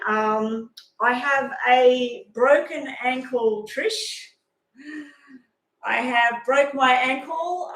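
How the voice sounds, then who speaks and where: A middle-aged woman talks casually on a home live stream, rambling from one point to the next and acting out bits of her story. Her voice sits a little high, and the room around her is echoey. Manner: rambling, animated storytelling with acted-out quotes. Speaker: live-stream tarot reader.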